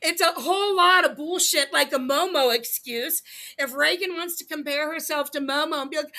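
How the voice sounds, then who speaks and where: A woman's voice: high-pitched, moderate pace, sharp tone. A woman hosting a livestream, reacting to a clip with profane, heated, laughing commentary. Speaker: livestream host. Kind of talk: casual commentary stream.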